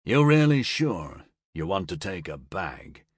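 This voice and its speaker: A man doing a gruff, blunt smuggler. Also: sits low, big pitch swings, slow, dry recording, clean studio sound, voice pushed down, full character voice. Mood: menacing. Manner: blunt, curt, drawling.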